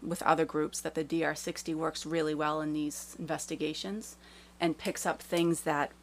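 Low-voiced woman paranormal researcher. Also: little pitch movement, moderate pace, slight background noise. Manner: friendly, explanatory, with small hesitations. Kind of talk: casual interview chat.

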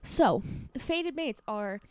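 A woman's voice: fairly high pitch, lively intonation, takes it slowly, clean tone, no room sound. A young woman co-hosting a podcast, chatting casually in a brash, bawdy way and swearing freely. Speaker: podcast co-host. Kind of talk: casual chat.

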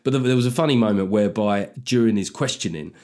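A man's voice: lowish voice, quick pace, warm tone. A man hosting a comedy podcast, delivering a sardonic, sweary comic monologue.

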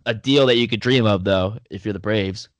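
A man co-hosting a casual sports chat in a dry, measured way, with a sarcastic edge. His voice sits somewhat low. The sound is close and dry. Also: no echo. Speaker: podcast co-host.

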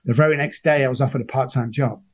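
A guest in an interview, this man tells his personal story in a mid-range, steady voice that's quick and slightly rough. He's emotional and sincere, giving voice to the people he quotes.

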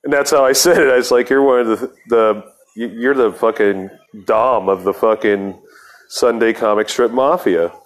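A man's voice: medium pitch, normal speed. A man hosting a podcast, telling a rambling, profane story in a casual monologue with laughs between lines. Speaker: podcast host.

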